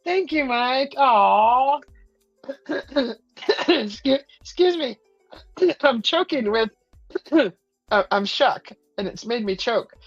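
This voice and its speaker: Woman hosting a chatty live stream, slow and full of uhs, dry dull sound. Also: high-pitched, no echo, faint music behind. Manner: hesitant, many fillers, excited whoops when thanking viewers. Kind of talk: casual live stream chat.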